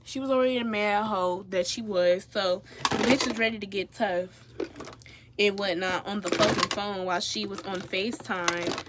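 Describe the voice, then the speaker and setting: A young woman telling a story casually as she gets ready on camera, animated and profane, turning loud when she gets riled up. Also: medium pitch, normal speed, heavy background noise. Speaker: vlogger.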